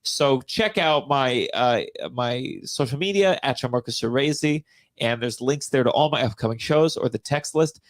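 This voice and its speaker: A man, a guest comedian, telling animated anecdotes in a casual chat. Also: mid-range voice, moderate pace.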